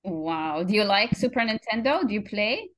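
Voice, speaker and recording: A woman's voice: mid-range voice, sing-song, moderate pace. Enthusiastic woman host exclaiming often. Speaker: interview host. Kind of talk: casual interview.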